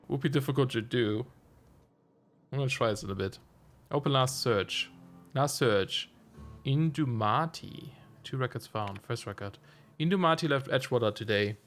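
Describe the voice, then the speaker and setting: A man's voice: medium pitch, expressive, a little slow, pauses often, a bit bright, faint music behind. A man streaming a video game, giving casual commentary and thinking aloud with frequent chuckles. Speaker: let's play streamer.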